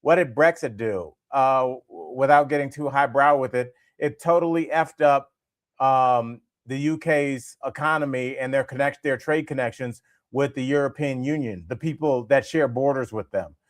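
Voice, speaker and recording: A man co-hosting a comedy news podcast, riffing in an animated way and laughing at his own jokes. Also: mid-range voice, moderate pace, dry recording, studio quality. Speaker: podcast co-host.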